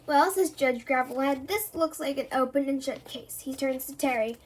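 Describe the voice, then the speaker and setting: Woman, high voice, children's book read-aloud, lively character voices. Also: normal speed, slight background noise. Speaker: reader.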